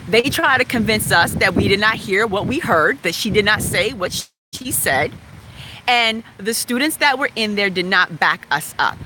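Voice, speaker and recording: A woman from West Virginia frankly telling a personal story in a chatty, animated way. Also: mid-range voice, normal speed, noisy background. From West Virginia, USA. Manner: frank, animated, chatty, laughs now and then.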